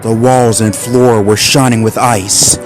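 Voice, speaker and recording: A man's voice: fairly low pitch, fairly even intonation, unhurried, over music. Man narrating a suspenseful story.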